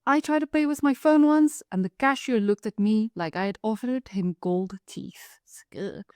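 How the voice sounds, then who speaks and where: A woman from Africa, telling a personal story in a wry, lively way. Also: fairly high pitch, normal speed, clear, resonant tone, dry recording, studio quality. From South Africa. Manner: lively, wry, acts out the people in her stories. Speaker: author and storyteller.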